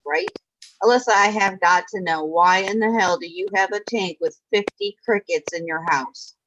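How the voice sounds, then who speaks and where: A woman's voice: mid-range voice, moderate pace, a bit bright. A woman hosting a casual online chat, talking freely and swearing now and then. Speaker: stream host. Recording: muffled with faint noise.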